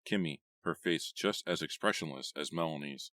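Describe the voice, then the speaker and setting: A man reading a horror audiobook in a measured, steady way. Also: rumbling low, no room sound, clean studio sound. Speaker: audiobook narrator. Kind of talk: scripted horror audiobook narration.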